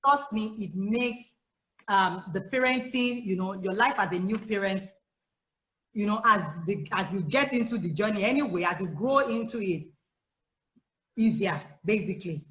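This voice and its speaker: Animated Nigerian woman on a roomy call. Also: medium pitch, normal speed. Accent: Nigerian English. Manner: animated and chatty, with frequent laughs and asides. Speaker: guest life coach for mothers. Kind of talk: casual advice on a live chat. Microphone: phone or laptop on a video call.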